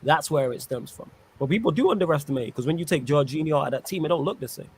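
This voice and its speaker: A man's voice: a little high, quick pace. Man, slangy, laughing, football chat host, faint background noise. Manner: laughs often, slangy and lively.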